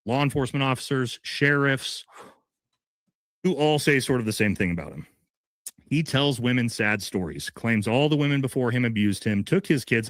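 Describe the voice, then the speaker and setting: A man's voice: mid-range voice, fairly bright tone, no echo, clean studio sound. A man hosting a live podcast, talking to his viewers in an emphatic, indignant way. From United States. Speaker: podcast host.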